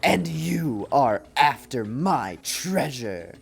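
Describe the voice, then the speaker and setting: Brief: swaggering video game pirate ghost king, loud and declamatory, read out by a male streamer. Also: mid-range voice, big pitch swings, extremely slow, vocal fry, soft background music, exaggerated voice. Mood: blustering. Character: boastful cold-blooded ghost pirate king villain.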